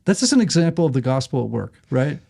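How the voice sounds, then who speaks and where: Gravelly, lively middle-aged male author. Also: mid-range voice, fast talker. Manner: lively, acts out voices in anecdotes. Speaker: author and podcast guest. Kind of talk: animated storytelling in conversation.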